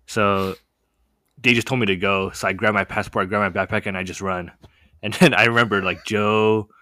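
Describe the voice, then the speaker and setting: A young man telling a story in a casual chat, animated and full of fillers. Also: fairly low pitch, normal speed, dry recording, clean studio sound. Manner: animated, many "like" fillers, laughs often. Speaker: podcast guest telling a story.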